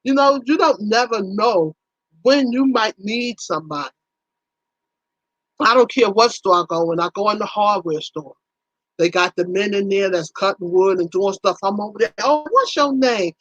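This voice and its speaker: A woman's voice: mid-range voice, moderate pace, no room sound, lo-fi sound. A woman hosting a casual livestream, chatting in a folksy way with her viewers and acting out little conversations. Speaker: livestream host.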